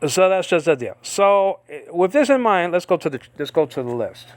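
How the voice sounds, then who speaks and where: A man's voice: high-pitched, very animated, normal speed. A man giving an informal Bible-study lecture, rambling with many fillers and frequent checks of "okay?" with his listeners. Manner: rambling, filler-heavy, keeps asking "okay?". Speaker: Bible teacher.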